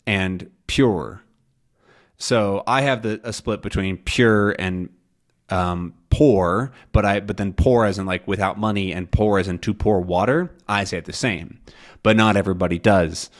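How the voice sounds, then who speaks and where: A man teaching English in a relaxed, casual way, thinking aloud with many ums and pausing to slowly demonstrate vowel sounds. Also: lowish voice. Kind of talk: casual explanatory lesson.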